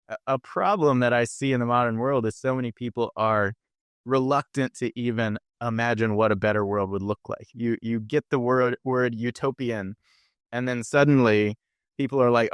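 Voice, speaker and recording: Man, podcast guest, smooth resonant voice, dry close sound, earnest explanatory talk. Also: mid-range voice, dry recording. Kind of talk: conversational interview.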